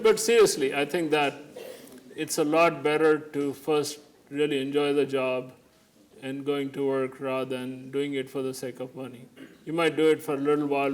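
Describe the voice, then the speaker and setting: A man giving a keynote lecture, telling anecdotes and jokes and laughing along with them. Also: mid-range voice. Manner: jokey storytelling, laughs along. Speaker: keynote speaker. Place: lecture hall.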